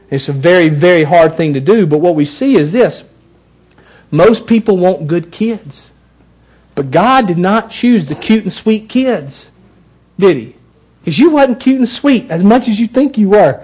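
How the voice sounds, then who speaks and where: A man preaching a sermon as pastor, emphatic, repeating words and swinging between loud and soft. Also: high-pitched, rough recording.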